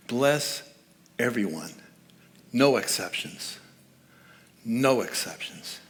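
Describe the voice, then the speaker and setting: A man speaking as guest speaker at a church service, giving a conversational, joking sermon and laughing at his own asides. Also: mid-range voice.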